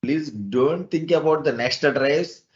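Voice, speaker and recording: A man's voice: fairly high pitch, slow pace, highs cut off. A man teaching an online class, explaining step by step and asking rhetorical questions.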